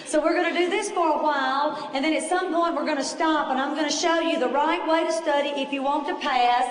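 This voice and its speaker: Woman instructor, high pitch, chatty and reassuring, recorded from afar in an echoey hall. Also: steady tone. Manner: chatty, reassuring, brisk teacher talk. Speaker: test prep instructor. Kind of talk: lecture to a class. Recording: echoey room, voice far from the mic.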